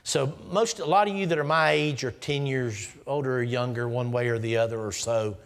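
A man in his sixties preaching an emphatic sermon in numbered points, sometimes dropping to a hushed aside. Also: mid-range voice, normal speed. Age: 60s. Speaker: guest preacher.

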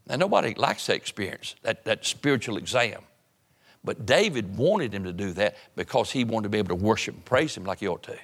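A man preaching a sermon to his church in a conversational way, repeating phrases and dropping his voice low for emphasis. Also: animated, a little fast, fairly bright tone. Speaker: pastor.

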